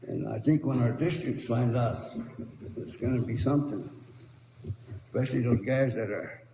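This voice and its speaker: A man's voice: mid-range voice, moderate pace, vocal fry, dark tone. A man speaking as a tribal council representative in a meeting debate, earnest and pleading, repeating himself. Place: council chamber. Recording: echoey council chamber with faint noise.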